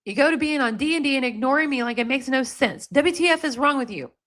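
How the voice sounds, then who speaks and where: Fed up young girlfriend ranting over text, kinda high voice, woman reading it out. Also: animated, a bit bright. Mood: exasperated. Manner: reading angry texts aloud, rapid and exasperated. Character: upset young woman texting her boyfriend.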